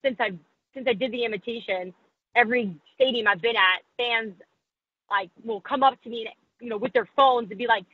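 A woman sports reporter gives a candid podcast interview, poking fun at herself and quoting people in affected voices. She talks fairly quickly at a fairly high pitch, with phone-quality sound and no echo.

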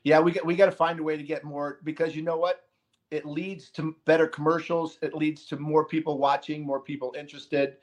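A man hosting a casual hockey podcast, talking in an animated, emphatic way with quick asides. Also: on the high side. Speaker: podcast host. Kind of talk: casual sports chat.

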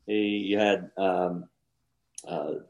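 A man's voice: sits low, fairly even intonation, drawn-out words. Rambling older man telling golf stories. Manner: rambling storyteller with frequent restarts. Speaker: podcast co-host, former pro golfer. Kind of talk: casual chat.

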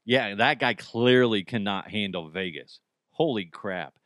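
A man's voice: lowish voice, measured pace, fairly bright tone, no echo, clean studio sound. A man hosting a podcast, rambling through a crude comedic monologue and laughing at his own jokes. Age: middle-aged. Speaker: podcast host.

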